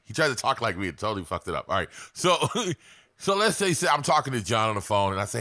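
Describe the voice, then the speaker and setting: A man's voice: fairly low pitch, animated, fast, pushed and bright, dry recording, studio quality. A man giving casual, blunt sales coaching to camera, swearing freely.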